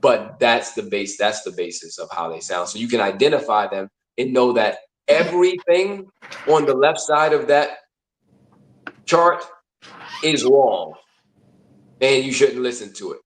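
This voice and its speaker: A man hosting a loose, conversational talk at a mid pitch, explaining ideas and slipping into little acted-out inner voices. His voice echoes around the room he records in. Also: animated, a little slow, a little hiss or hum. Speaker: host. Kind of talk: casual talk on emotions.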